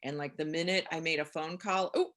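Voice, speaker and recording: A woman co-hosting a podcast, talking candidly and with self-mocking humor about her own recovery, rambling and animated as she retells it. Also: sits low, brisk, a crowd in the background. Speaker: podcast co-host. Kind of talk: casual recovery chat.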